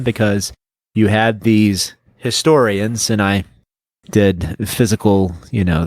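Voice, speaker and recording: A man's voice: on the low side, no room sound. A man co-hosting a casual book podcast, rambling and stopping to search for names as he talks. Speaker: podcast co-host. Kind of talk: casual chat.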